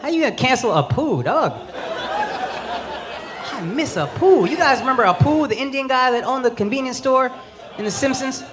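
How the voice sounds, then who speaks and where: A man in his thirties doing stand-up comedy, loud, brash and profane, shouting his punchlines. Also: very high voice, lively intonation, normal speed, pauses often, noisy background. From United States. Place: large theater on stage. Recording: live stage recording with loud crowd laughter. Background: loud audience laughter.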